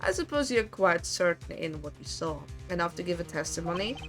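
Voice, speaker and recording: A woman voicing a calm, formal male prosecutor who speaks in a measured, polite way. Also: fairly low pitch, over music, pitched below the performer's own voice, lightly acted. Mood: probing.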